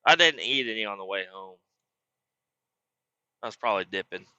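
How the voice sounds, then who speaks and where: A man's voice: lively intonation, moderate pace, smooth, no room sound, dull audio. A man with a Southern US accent telling a crude, rambling comic story. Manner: rambling, crude, acts out quotes in loud high voices. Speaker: comedic storyteller. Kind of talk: comedic character monologue.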